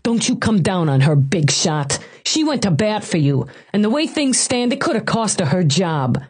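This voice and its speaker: A man's voice: high voice, big pitch swings, moderate pace, heavily acted. A woman doing a snarling New York cop. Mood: furious. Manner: gruff, snarling. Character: gruff New York cop, hot-tempered and loyal.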